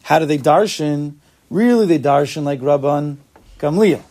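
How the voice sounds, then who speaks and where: Gravelly-voiced man teaching a Talmud class. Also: on the high side, animated, moderate pace, mellow. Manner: explains step by step, asks and answers his own questions.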